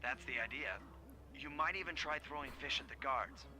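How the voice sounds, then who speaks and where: A man's voice: medium pitch, moderate pace, very noisy, close to an everyday voice. A man playing a wry raccoon thief giving orders. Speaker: video game character. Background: game music.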